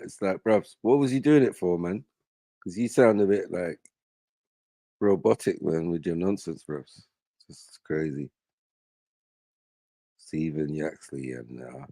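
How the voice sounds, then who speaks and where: Deep gravelly guy, dark voice, slangy and dismissive. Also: dry recording. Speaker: stream host. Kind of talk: casual livestream commentary.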